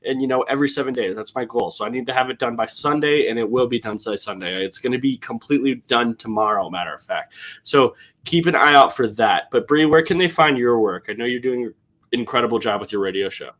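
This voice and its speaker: A man's voice: medium pitch, quick pace, a bit bright. A young man co-hosting a casual sports podcast, easygoing and laughing often, with plenty of ums. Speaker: podcast co-host and sports writer.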